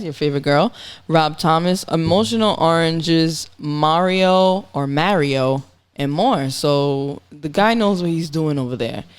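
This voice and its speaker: A young man co-hosts a laid-back music podcast, his voice smooth and resonant and sitting a touch high. He talks eagerly, rattling off album credits and pushing the others to give records a shot. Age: young adult. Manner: enthusiastic, runs through album credits. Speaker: podcast co-host. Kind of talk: casual music discussion.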